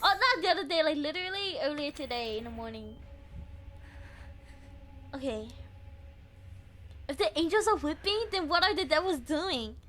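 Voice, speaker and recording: Young woman game streamer, very high voice, lively, jumpy and swears a lot. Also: normal speed, long pauses, a little hiss or hum. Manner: jumpy, shrieks and giggles when scared; swears freely. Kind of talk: live gameplay commentary.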